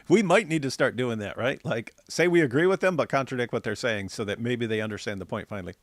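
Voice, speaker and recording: Teasing host reading comments. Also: male voice, mid-range voice, expressive, fairly quick, no room sound, clean studio sound. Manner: teasing, laughing often. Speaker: stream host. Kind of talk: casual chat reading viewer comments.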